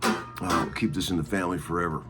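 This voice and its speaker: A man's voice: sits low, fairly even intonation, fairly quick, loud music behind the voice. A middle-aged man chatting casually to his viewers in a rambling way, with lots of fillers. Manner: rambling, warm-hearted, many fillers. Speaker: guitarist hosting his own video channel. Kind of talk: casual spoken video update.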